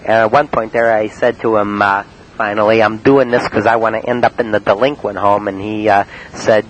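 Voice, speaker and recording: A man from Cleveland telling about his prank calls in a halting, rambling monologue full of uh and um. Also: on the low side, fairly even intonation, low-quality recording. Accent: Cleveland, Ohio. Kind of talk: rambling spoken-word monologue. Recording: faint hiss on an old cassette tape.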